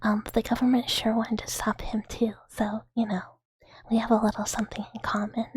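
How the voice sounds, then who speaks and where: Woman, breathy whisper, giggly, rambling, ASMR stream chat, close mic, very dry sound. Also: on the high side, a little mellow, no room sound. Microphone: close ASMR microphone.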